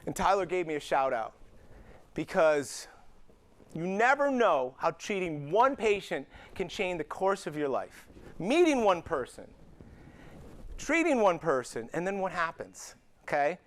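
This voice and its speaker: Animated middle-aged man telling stories. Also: on the high side, measured pace, pauses often. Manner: animated storyteller acting out dialogue. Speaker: chiropractor speaking to peers. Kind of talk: conference talk with anecdotes.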